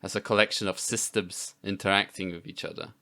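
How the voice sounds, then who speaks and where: A man's voice: low-pitched, fairly even intonation, brisk, vocal fry, sharp tone. A man co-hosting a podcast in casual chat, rambling and filling gaps with "you know" and "like". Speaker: podcast co-host.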